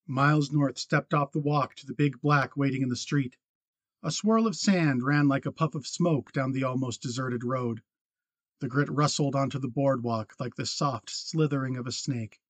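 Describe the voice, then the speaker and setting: A male narrator reads a western novel in a steady, measured way at a middle pitch. The recording is close and dry, with no room around him. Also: no room sound. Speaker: audiobook narrator. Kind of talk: scripted narration.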